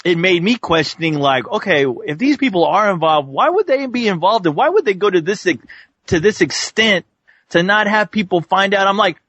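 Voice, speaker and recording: A man's voice: sits high, expressive, moderate pace, a bit bright, no echo. A man co-hosting a movie review podcast, talking casually and animatedly while searching for words. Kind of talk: casual chat. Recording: slightly dull lo-fi sound.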